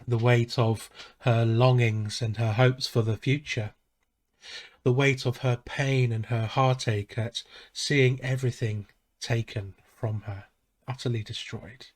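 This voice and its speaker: Slow, solemn male preacher. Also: medium pitch. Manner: slow, measured and solemn, with soft pauses. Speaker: pastor. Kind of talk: sermon.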